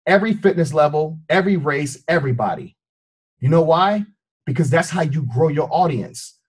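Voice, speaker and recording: A man's voice: fairly high pitch, lively intonation, normal speed, husky. A man giving a motivational talk as a fitness trainer, preachy and repetitive, often asking his listeners questions. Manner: preachy, repeats himself, asks the audience questions. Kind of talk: motivational speech.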